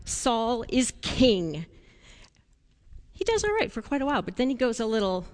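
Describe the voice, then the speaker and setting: A woman leading a children's sermon, telling a Bible story in a playful, animated way and asking the children questions. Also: fairly high pitch, moderate pace, big-room sound.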